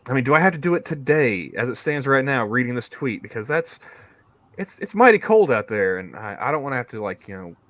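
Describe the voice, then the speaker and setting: A man with an everyday middle-pitched voice rambles through a casual podcast chat, repeating words as he searches for his point. He sounds close and dry, with no room around him. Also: very animated, fairly quick, fairly bright tone, no echo. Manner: rambling storyteller, repeats words, laughs often. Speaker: podcast co-host.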